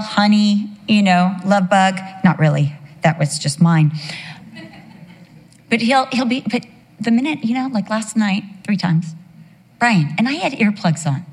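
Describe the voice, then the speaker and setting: Middle-aged woman preaching slow n funny, acts out voices, big reverby church hall. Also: medium pitch. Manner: humorous, acts out voices in her stories. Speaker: pastor. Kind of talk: sermon. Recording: long reverb of a large hall.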